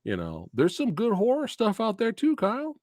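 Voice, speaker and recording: A man hosts a loose, casual movie review chat, swearing freely and breaking into laughter between rants. His pitch swings widely from low mutters to high exclamations. The sound is dry and close. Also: normal speed, no room sound. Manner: profane, excitable, laughs often, rants. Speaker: host of a movie review channel.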